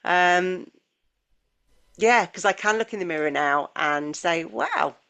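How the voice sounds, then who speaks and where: A woman's voice: fairly low pitch, slow, fairly bright tone, clean tone. A woman in her forties co-hosting a podcast, chatting and quoting people she has met. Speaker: podcast co-host. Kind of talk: casual chat.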